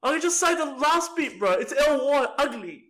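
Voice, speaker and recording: High-voiced young man, blunt. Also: animated, moderate pace, fairly bright tone. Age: young adult. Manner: blunt, crude, laughs a lot. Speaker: podcast co-host. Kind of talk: casual chat.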